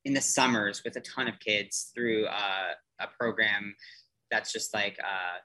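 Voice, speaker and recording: A man in his thirties chats as a podcast guest, his voice bright and a little sharp. He wanders through his thoughts, restarting sentences and leaning on fillers as he goes. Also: on the low side, unhurried, rough recording. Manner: rambling, many restarts and fillers. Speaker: theater performer guest. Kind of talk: casual podcast chat.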